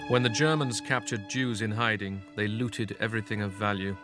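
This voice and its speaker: A man narrates a documentary script in a measured, grave way. His voice sits slightly low, and soft music plays faintly beneath him. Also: fairly even intonation.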